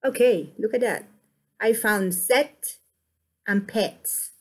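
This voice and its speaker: A woman with an Ecuadorian Spanish accent teaches an online English class, speaking slowly and deliberately. Her voice sits somewhat high, and she repeats short phrases to model intonation. She comes across as a patient teacher.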